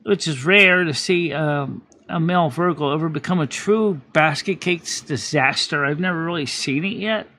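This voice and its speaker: A man's voice: fairly high pitch, moderate pace, few pauses, sharp tone. A man hosting a live stream in casual chat, rambling with many restarts and self-corrections.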